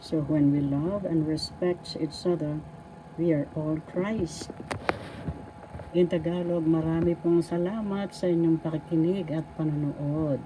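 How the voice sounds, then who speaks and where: A woman from the Philippines teaching a language lesson, sounding words out slowly syllable by syllable. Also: sits low, fairly even intonation. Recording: clear vehicle noise behind.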